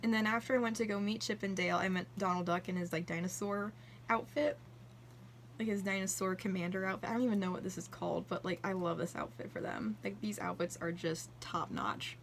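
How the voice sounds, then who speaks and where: A chatty young woman talks her way through a journal flip-through in a gushing vlog style, often acting out bits of dialogue. Her voice sits at an ordinary middle pitch for a woman, with a faint background hiss. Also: brisk. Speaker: vlogger. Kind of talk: casual chat flipping through a journal.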